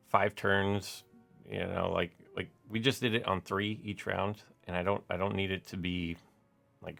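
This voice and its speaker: A man's voice: low-pitched, vocal fry, fairly bright tone. A man giving casual, rambling gameplay commentary as a gaming YouTuber, full of "like" and "uh" fillers.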